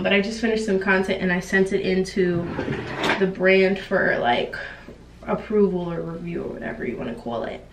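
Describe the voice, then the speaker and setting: A woman's voice: mid-range voice, recorded from a distance. A young woman talks through her week in a loose, slangy way and laughs often. She is recorded in an echoey room at home. A faint hiss sits under her voice. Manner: laid-back, laughing, slangy. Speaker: vlogger. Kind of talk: casual vlog chat.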